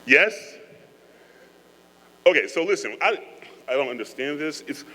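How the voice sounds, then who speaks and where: A man's voice: on the high side, expressive, measured pace, sharp tone. A man giving a joking, earnest speech to cadets, talking to them in a conversational way. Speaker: guest speaker. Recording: echoey hall with mains hum.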